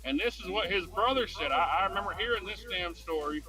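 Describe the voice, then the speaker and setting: A man with a high voice hosts a laid-back podcast and tells stories in a loose, profane, stop-and-start way. Music plays clearly behind him. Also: expressive, a little fast. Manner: rambling, profane storytelling with restarts. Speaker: podcast host. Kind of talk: casual podcast chat.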